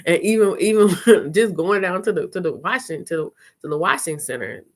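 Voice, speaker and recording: A woman hosting a live chat, telling stories casually, swearing, and playing out conversations in quick voices. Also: fairly low pitch. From lived in New Orleans. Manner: chatty, animated, swearing, retells talks in quick voices. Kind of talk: casual live-stream storytelling.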